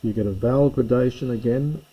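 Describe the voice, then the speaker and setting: A man's voice: mid-range voice, a little fast, slightly rough, lo-fi sound. A man teaching a recorded language lesson, explaining forms step by step in a methodical way. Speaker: Greek teacher. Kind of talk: recorded lecture.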